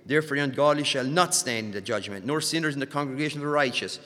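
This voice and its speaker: A man preaching a sermon who stumbles over repeated words and surges louder on key points. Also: medium pitch, quick pace, big-room sound.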